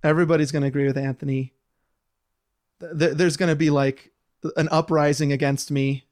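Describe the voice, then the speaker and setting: Brief: male podcast co-host, slightly high pitch, jokey asides. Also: little pitch movement, a little mellow. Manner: joking, laughs often, quick asides. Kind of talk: casual chat.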